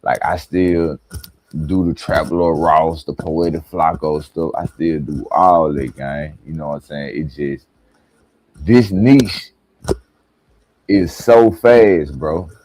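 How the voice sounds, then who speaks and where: A man hosting a live reaction stream, talking to viewers in relaxed slang. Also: extremely low pitch, slow. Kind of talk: casual live-stream talk.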